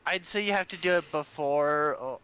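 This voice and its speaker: A man co-hosting a casual podcast, giving meandering, halting explanations. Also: a little high, bright, forceful tone, smooth. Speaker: podcast co-host. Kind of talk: casual chat.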